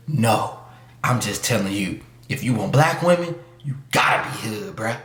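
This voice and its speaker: Animated man in an echoey room. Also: on the high side, moderate pace. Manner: emphatic, slangy street talk with mock voices. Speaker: YouTube commentator. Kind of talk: casual opinion monologue.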